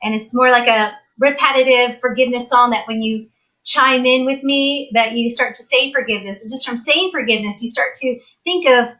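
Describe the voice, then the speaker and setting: Bright animated woman telling a story. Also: fairly high pitch, normal speed, muffled recording. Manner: animated storyteller, acts out quoted voices. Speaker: guest. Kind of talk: storytelling on a live talk show.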